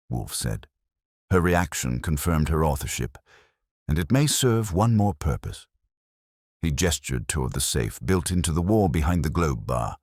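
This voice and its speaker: A man with a very deep, husky voice narrates a first-person mystery in a wry, conversational way. His pitch moves in lively rises and falls, and the sound is close and dry. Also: measured pace, no room sound.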